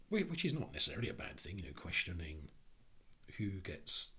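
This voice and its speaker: A man with a low, deep voice talks through his ideas. The voice is heavily husky and rough-edged, and he pauses and restarts as he works out each thought. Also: very animated, pushed and bright. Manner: halting, thoughtful, frequent restarts and fillers. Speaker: speaker on Jungian psychology. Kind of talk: reflective spoken talk.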